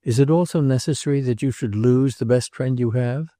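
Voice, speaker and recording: A man voicing an earnest male friend in a read novel, pleading with steady, urgent seriousness. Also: mid-range voice, fairly quick, no echo, clean studio sound, pitched above the performer's own voice, close to an everyday voice. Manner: earnest, urging.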